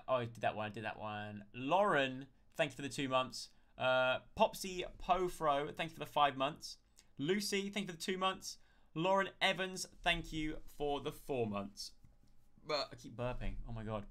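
A man's voice: mid-range voice, fairly bright tone. A man chatting casually on a live stream, thanking viewers one by one and answering their questions.

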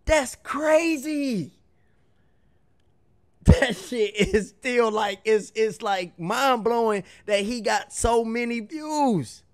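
A man's voice: high-pitched, takes it slowly, few pauses, smooth. A young man hosting a music reaction video, ranting casually in slang and swearing in exasperation. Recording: faint music behind the voice.

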